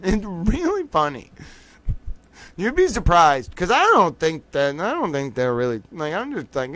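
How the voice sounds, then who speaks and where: A man's voice: a little high, wildly swooping pitch, normal speed, fairly bright tone, dry recording. A man hosting a livestream, chatting casually, joking and reading the chat aloud. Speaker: livestream host.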